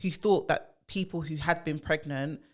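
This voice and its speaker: A woman co-hosting a casual podcast chat about work, chatty and quick to agree. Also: low-pitched, steady tone. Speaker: podcast co-host, HR professional.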